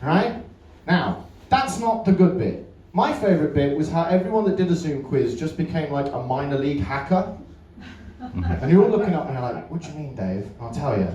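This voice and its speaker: A man's voice: on the high side, expressive, brisk, dark tone, far from the mic, dull audio, slight background noise. A man doing a stand-up comedy set in a club, bantering with the crowd and swearing freely. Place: comedy club stage with a live audience. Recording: roomy live club recording, off-mic, crowd. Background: audience laughter.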